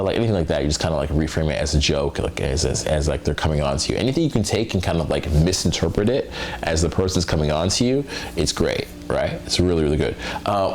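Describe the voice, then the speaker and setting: A man's voice: a bass voice, fast, a little hiss or hum. A young adult man hosting a casual reaction talk as a dating coach, loose and chatty with many fillers.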